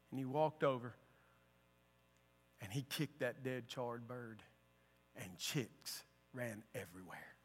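A man preaching a sermon with passion, moving between loud declarations and hushed lines. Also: mid-range voice, slow, long pauses. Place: church sanctuary. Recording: long church-hall reverb.

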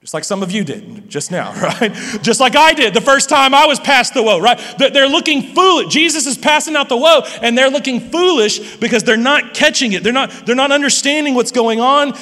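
A man's voice: very high-pitched, expressive, a little fast, few pauses, bright, forceful tone. A man preaching a sermon as pastor, playful and talking straight to his audience. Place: large church hall. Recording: long hall reverb.

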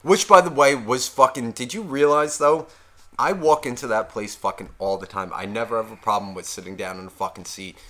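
A man co-hosting a podcast, telling stories in an animated way and swearing constantly. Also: medium pitch, fairly quick. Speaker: podcast co-host. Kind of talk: casual chat.

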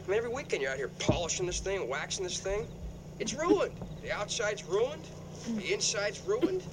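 A man's voice: high-pitched, very animated, moderate pace. An actor playing a brash man who coaxes a friend over a ruined car, with a pushy, joking manner. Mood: coaxing. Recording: sitcom clip with loud background noise.

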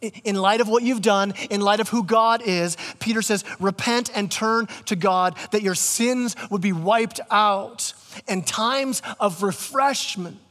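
A man's voice: high voice, unhurried, a bit bright, long reverb tail. A man preaching a sermon as pastor, casual and conversational, often restarting his words. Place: church sanctuary.

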